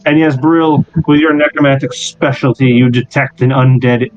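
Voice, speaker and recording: A man's voice: medium pitch, steady tone, normal speed, muffled recording. A man narrating a tabletop game as game master over an online voice call, in a loose, laughing style.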